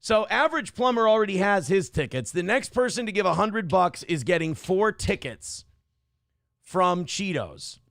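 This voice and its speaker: A man with a slightly higher voice hosts a live-stream talk show, rambling sarcastically and filling gaps with "uh" and "um". The recording is close and dry, with no room sound around his voice. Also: lively intonation, moderate pace, gravelly, a bit bright, no echo. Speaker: show host reading live chat.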